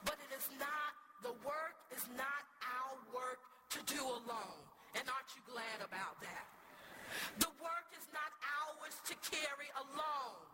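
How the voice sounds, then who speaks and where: A woman's voice: sits high, expressive, a little slow, noisy background. A woman scholar preaching a storytelling sermon with impassioned, rhetorical repetition to a church congregation. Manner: impassioned and rhetorical, with repeated phrases. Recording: loud background ambience.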